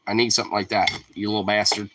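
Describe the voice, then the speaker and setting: A young man rambling casually to his dog at home, profane and teasing, jumping into a high squeaky voice to call the pet. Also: flat delivery, fast, background noise. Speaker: vlogger talking to his dog. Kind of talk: casual chat.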